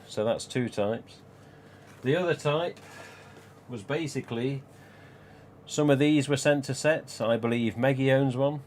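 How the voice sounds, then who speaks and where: A collector hosting a live stream rambles in a relaxed, chatty manner, often breaking into chuckles. His medium-pitched voice has a darkish tone, and there's a little background noise.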